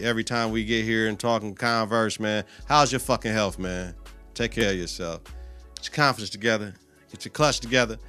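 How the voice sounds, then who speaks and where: A man hosting his own podcast, ranting in a casual, profane way and swinging between loud outbursts and quiet asides. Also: on the low side, smooth. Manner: animated, heavy cursing, swings loud and soft. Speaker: podcast host.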